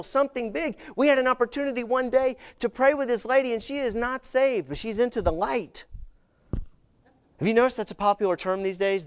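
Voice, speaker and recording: A middle-aged man preaching a sermon, telling stories in an animated way and acting out the voices of people he quotes. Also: extremely high pitch, clean tone. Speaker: visiting pastor.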